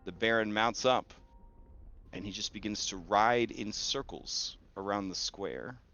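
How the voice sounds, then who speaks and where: A man narrating a tabletop game as game master, telling events slowly with many fillers. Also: fairly low pitch, pushed and bright, soft background music. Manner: slow, graphic storytelling with many fillers. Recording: dull lo-fi audio.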